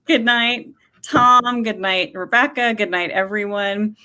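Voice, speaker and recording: Casting note: woman host, chatty and rambling, a bright, forceful voice. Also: medium pitch, a little slow. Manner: chatty, laughing, rambling with fillers. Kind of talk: casual chat.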